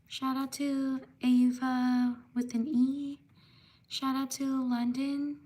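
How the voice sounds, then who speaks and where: A woman hosting a live stream, reading out viewer names one by one with quick apologies for mispronouncing them. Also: sits high, level tone, a little mellow. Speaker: livestream host.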